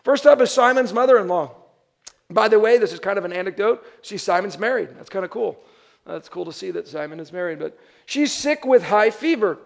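A man's voice: high voice, fairly quick, vocal fry. A young adult man, a pastor, preaching a sermon and acting out the voices of people he describes. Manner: animated, acts out quoted voices.

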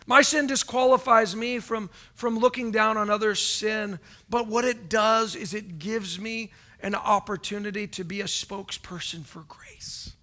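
A male pastor preaching from a stage, his voice pitched high and ringing bright. He delivers the sermon with animated swings, from loud calls to hushed, near-whispered asides, and acts out the voices of churchgoers. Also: measured pace, hardly any pauses. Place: stage before a congregation.

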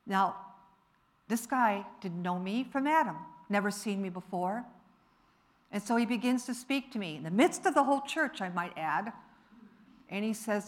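A woman preacher delivering a sermon in church, emphatic and rising to forceful appeals. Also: mid-range voice, lively intonation, normal speed.

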